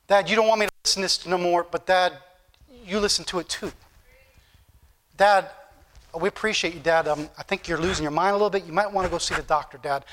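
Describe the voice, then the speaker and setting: A man's voice: high-pitched, a bit bright. A preacher putting on a grown son mocking his father. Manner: condescending, mock-affectionate. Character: Lot's grown son, teasing and dismissive.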